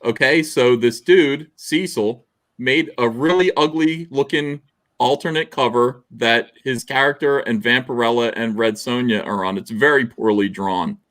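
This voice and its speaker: A man's voice: medium pitch, measured pace, a bit bright. A man hosting a casual comics livestream, rambling and laughing as he tells stories. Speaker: livestream host. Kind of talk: casual chat.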